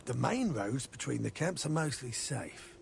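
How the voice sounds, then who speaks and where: An actor playing a sly, cocky male convict hunter in a video game, with a gravelly voice and rough slang. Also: mid-range voice, very animated, measured pace, slight background noise, heavily acted. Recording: game music behind.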